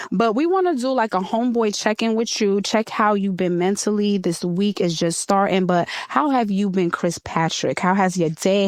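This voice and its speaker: A woman from Queens with a New York accent hosts a casual podcast, playful and lively, handing out shout-outs. Her voice is mid-pitched for a woman, recorded dry and close with no room sound. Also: clear, resonant tone, dry recording. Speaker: podcast host. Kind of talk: casual chat.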